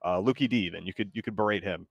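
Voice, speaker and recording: A man hosting a live stream in casual, laid-back chat, often hesitant and quick to laugh. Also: on the low side, gravelly, husky, dry recording, dull audio. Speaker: streamer host.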